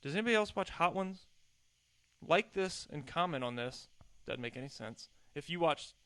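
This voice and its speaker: A man's voice: on the high side, expressive, normal speed, fairly bright tone, clear, resonant tone. A young adult man hosting a solo podcast, chatting in a rambling, self-deprecating way at a desk mic. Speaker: podcast host.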